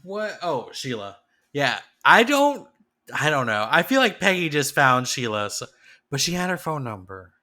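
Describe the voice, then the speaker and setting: A man's voice: fairly high pitch, sing-song, normal speed, pushed and bright. A man co-hosting a podcast, chatting casually and musing hesitantly with many "I don't know"s and "like"s. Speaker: podcast co-host. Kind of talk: casual chat.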